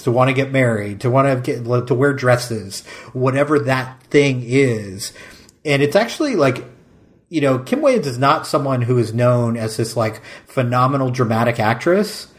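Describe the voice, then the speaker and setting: A man's voice: medium pitch, normal speed. A man co-hosting a casual film podcast, talking emphatically and effusively with many fillers. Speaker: podcast co-host.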